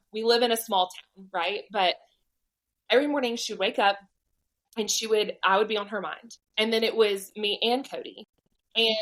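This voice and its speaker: A woman's voice: medium pitch, a bit bright, low-quality recording. A woman in her thirties with a Southern US accent, a podcast guest telling a personal faith story animatedly and acting out the voices of people she quotes. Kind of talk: storytelling testimony.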